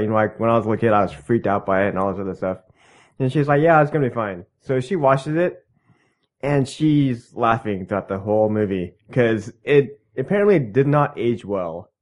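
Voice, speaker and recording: Regular-pitched guy rambling in a group chat, lots of ums and restarts. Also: fairly quick. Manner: hesitant, many ums and false starts. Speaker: podcast co-host.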